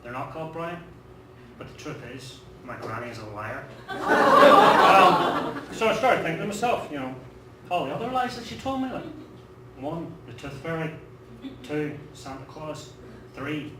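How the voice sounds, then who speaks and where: A man's voice: a little high, sing-song, a little slow, pauses often. A man with a Northern Irish accent doing a stand-up routine, rambling through his stories with lots of fillers. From Northern Ireland. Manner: rambling, self-deprecating storytelling with many fillers. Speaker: stand-up comedian. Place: comedy club stage. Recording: roomy, distant, noisy live room. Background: audience laughter.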